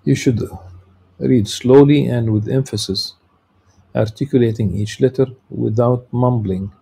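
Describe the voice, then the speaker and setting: A man giving a lecture, reading a religious text and explaining it in a halting way, with many filler sounds and restarts. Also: mid-range voice, fairly even intonation, gravelly, mellow, husky.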